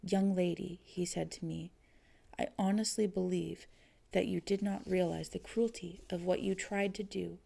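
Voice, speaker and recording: A woman reading aloud voices a dignified father, speaking in a measured, solemn and reproachful way. The tone is low, dark and gravelly. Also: fairly even intonation. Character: grave, gentle father, stern toward an impostor.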